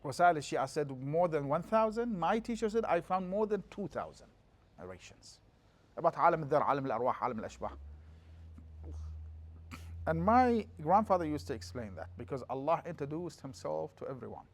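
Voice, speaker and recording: A middle-aged man lectures a class as a religious teacher, his speech brisk and rapid. His voice sits a little high for a man. He moves lively through explanations and slips into quick chanted scripture.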